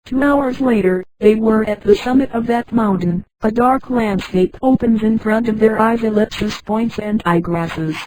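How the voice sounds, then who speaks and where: A woman's synthetic voice narrating a sci-fi story in an even, flat reading that reads punctuation marks aloud. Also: fairly high pitch, moderate pace, few pauses, dry recording, low-quality recording.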